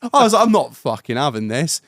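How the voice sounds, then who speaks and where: A young British man, a podcast host, telling a story in casual chat, animated, swearing and laughing as he goes. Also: fairly high pitch, a little fast, crowd noise.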